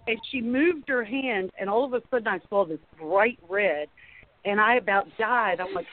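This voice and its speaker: A woman's voice: on the high side, normal speed. A woman calling in to a show, telling a funny story about a friend in a chatty, casual way. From Florida. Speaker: caller sharing a story. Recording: tinny phone line.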